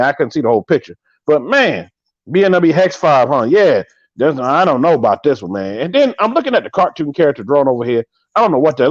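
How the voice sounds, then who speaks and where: Thirties guy hosting a live podcast, jokey and animated, kinda high voice, dull dry lo-fi sound. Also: no echo. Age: 30s. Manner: animated, joking, drawn-out exclamations. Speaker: podcast host.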